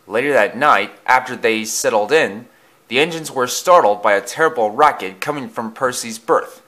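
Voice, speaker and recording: A man reading a storybook aloud with expressive, dramatic narration. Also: medium pitch, normal speed.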